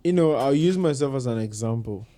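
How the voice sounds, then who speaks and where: A man speaks in a mellow, darker tone. He chats casually as a podcast guest and tells animated stories. His voice sits mid-range for a man. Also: mid-range voice, brisk. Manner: animated storyteller, mimics his mom in quoted asides. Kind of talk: casual chat.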